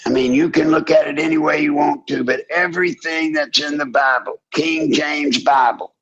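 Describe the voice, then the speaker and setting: An older man hosting a call-in radio show, preaching with fiery passion and rising to shouts. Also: on the high side, steady tone, normal speed. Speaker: radio talk show host. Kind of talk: impassioned call-in radio talk. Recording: dull lo-fi broadcast audio.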